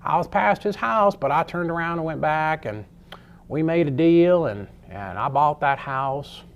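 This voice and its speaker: A man recounting the words of a plain-talking old Southern man in a slow, matter-of-fact way. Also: fairly high pitch, lively intonation, creaky.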